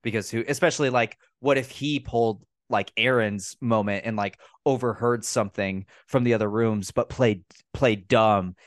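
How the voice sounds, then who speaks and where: A man hosting a casual movie review podcast, recapping scenes in a profane, mocking, animated way. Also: on the low side, normal speed, few pauses, no room sound, clean studio sound. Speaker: podcast host.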